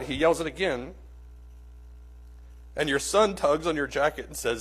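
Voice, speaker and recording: A man's voice: a little high, unhurried, breathy edge. A man teaching a church Bible class, telling a dramatic story in an earnest, vivid way and speaking straight to his listeners.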